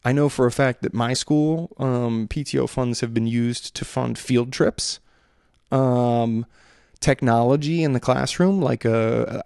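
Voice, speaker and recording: A man's voice: medium pitch, creaky, darkish tone, smooth, no echo, studio quality. A man in his thirties talking through his thoughts in a rambling, hesitant monologue full of fillers and restarts. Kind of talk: reflective solo monologue.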